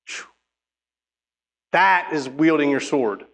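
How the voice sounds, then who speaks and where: A man's voice: a little high, sing-song, slow. A man preaching a sermon, reading scripture and urging listeners with emphatic, exhorting speech. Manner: emphatic, exhorting, with frequent restarts.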